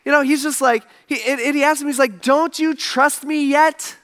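An exasperated, weary Jesus, as a preacher puts him on, firing off incredulous rebukes in a high, raised voice. The retorts come fast and pointed, half disbelief and half scolding. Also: male voice, fairly even intonation, fairly bright tone. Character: weary, exasperated Jesus chiding his followers.

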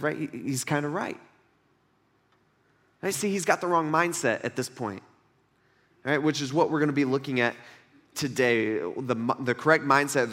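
Animated, casual young male preacher. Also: a little high. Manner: conversational, animated, acts out quoted voices. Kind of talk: sermon.

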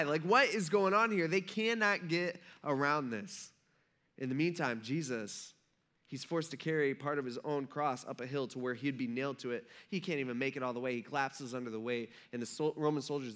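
Bright-voiced conversational male pastor. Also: on the high side. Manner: conversational storytelling preacher, acting out crowd voices. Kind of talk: sermon.

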